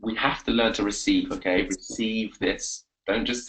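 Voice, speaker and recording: A man coaching on a live webinar, energetic and repetitive, giving pep talks. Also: lowish voice, a little slow, low-quality recording. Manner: energetic, pep-talking, repeats himself. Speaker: confidence coach.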